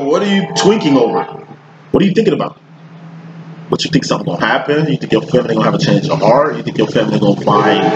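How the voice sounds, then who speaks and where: A man reads tarot cards in a loose, streetwise monologue at a medium pitch, cursing freely. He talks in rhythmic runs of words and jumps his pitch up to hammer each point. The audio is a little dull and lo-fi. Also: noisy background. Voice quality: profane, blunt and streetwise, with slang. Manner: animated, rhythmic, jumping in pitch for emphasis. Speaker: tarot reader. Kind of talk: casual tarot reading monologue.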